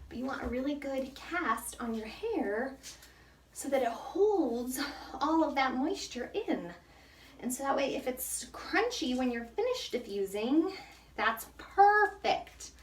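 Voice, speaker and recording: A young hair care vlogger chats casually through a tutorial in a hot bathroom, breathless from the heat, mocking herself and laughing often. Her voice is a little high with a fairly bright tone. The mic sits at a distance in the echoey room, with a bit of hiss or hum.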